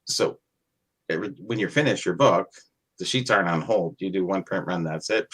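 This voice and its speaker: A man's voice: deep voice, moderate pace, a bit bright, slightly rough. A man chatting casually on a podcast, rambling and self-deprecating.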